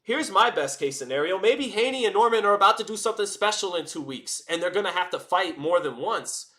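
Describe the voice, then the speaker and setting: A man hosting a live stream, giving casual, rambling commentary in an animated way, with frequent restarts and fillers. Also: high voice, fairly quick. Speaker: boxing commentator and livestream host.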